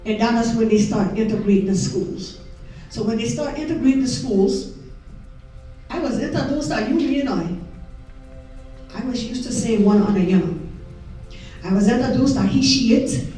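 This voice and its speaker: A woman's voice: on the high side, animated, normal speed, pauses often, mellow, faint music behind. Gullah-speaking woman in an echoey hall. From South Carolina Lowcountry. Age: middle-aged. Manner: folksy, keeps asking "you see?". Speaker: Gullah historian and interpreter. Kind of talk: live talk to an audience with song. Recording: echoey room from far off.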